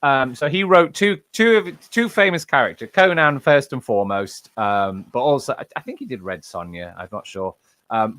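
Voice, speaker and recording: A man's voice: fairly low pitch, fairly bright tone, no echo. Chatty man with a dry close sound. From England. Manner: rambling, many fillers and restarts. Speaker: audiobook narrator. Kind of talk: casual chat.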